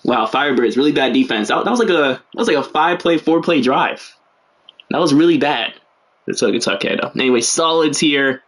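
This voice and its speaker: A man's voice: a little high, lively intonation, fairly quick, a bit bright. A young man giving casual, joking play-by-play commentary on a livestreamed game, full of slangy asides and rambling.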